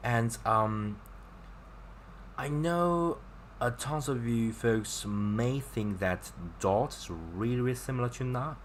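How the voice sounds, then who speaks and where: Male tutor, unhurried, chatty and encouraging, walks through examples step by step. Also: medium pitch, slight background noise. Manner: chatty, explains with gestures and repeated examples. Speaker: Chinese teacher. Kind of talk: casual online language lesson.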